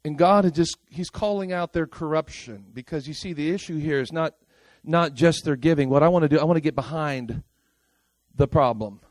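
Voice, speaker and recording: A man preaching a sermon in a lively, casual way, swinging between loud outbursts and quiet asides and talking straight to the congregation. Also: fairly high pitch, moderate pace, no echo.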